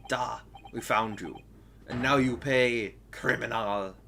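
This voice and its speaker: A man's voice: mid-range voice, slow, gravelly, pushed and bright, a little hiss or hum, full character voice. A man voicing a stern, accusing police officer with an attempted Russian accent and clipped, broken grammar.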